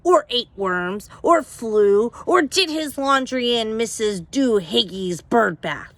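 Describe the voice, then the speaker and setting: A woman's voice: high voice, sing-song, slow pace, pushed and bright, dry recording, heavily acted. Picture a woman playing a stern, bossy mother cat from a storybook, scolding her kitten at length. The voice rises and falls a lot and takes its time, and it is heard close and dry.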